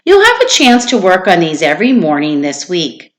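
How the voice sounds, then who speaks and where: A woman reading aloud as a kind, gentle schoolteacher from a storybook, in a calm and encouraging way. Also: fairly low pitch, normal speed, voice pushed up.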